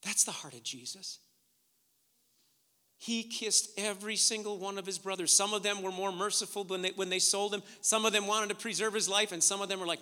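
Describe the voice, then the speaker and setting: Man preaching a sermon, loud then hushed, long hall echo around him. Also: high-pitched, steady tone, fairly quick, clean tone. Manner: swings from loud urgent preaching to hushed near-whispers.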